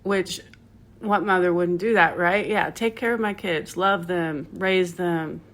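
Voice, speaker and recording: A woman's voice: lowish voice, unhurried, fairly bright tone. A woman telling a story in a casual, rambling way, with asides to the listener. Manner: chatty, rambling, with many fillers and asides. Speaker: yoga teacher.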